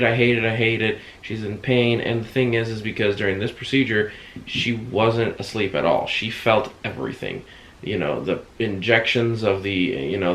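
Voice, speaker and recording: A man casually retelling a hospital visit, acting out other people's words. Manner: animated retelling, acts out quotes with sudden high shouts. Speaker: vlogger recounting a hospital visit. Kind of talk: casual storytelling. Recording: echoey room.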